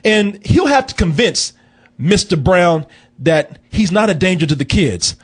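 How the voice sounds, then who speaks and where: Husky, animated male review show host. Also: high-pitched, unhurried. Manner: animated, profane, rambling storytelling. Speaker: film review podcast host. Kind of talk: casual comedic chat.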